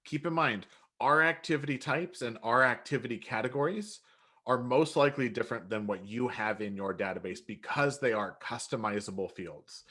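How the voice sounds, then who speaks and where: Man, webinar co-host, mid-pitched, conversational, quick interjections. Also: pushed and bright. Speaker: co-host answering viewer questions. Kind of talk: live webinar instruction.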